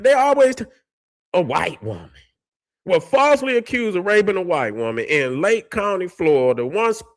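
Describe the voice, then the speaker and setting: His voice sits high with a fairly bright tone as he hosts a commentary vlog. Heated, expletive-laden rants alternate with case histories he reads aloud, and he often stumbles over words.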